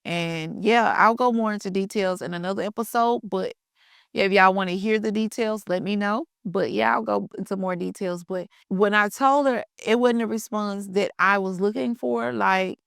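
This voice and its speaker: A woman's voice: mid-range voice, normal speed, creaky, fairly bright tone, clean tone, dry recording, studio quality. A woman host telling a personal faith story in a casual, conversational way. She speaks colloquially and talks straight to her listeners. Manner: conversational, addresses listeners as y'all, colloquial grammar. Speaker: podcast host sharing her testimony.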